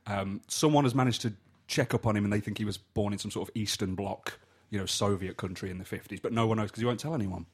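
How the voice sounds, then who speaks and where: A man in casual film chat, lively and quick to laugh, often mimicking lines in a raised voice. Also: fairly low pitch, slightly rough.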